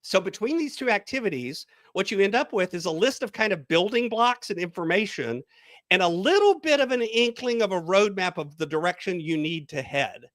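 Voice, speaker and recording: A man's voice: sits high, animated, fairly quick, fairly bright tone, dry recording. A man, a coach, guest on a podcast interview, leading a guided visualization in a storytelling manner.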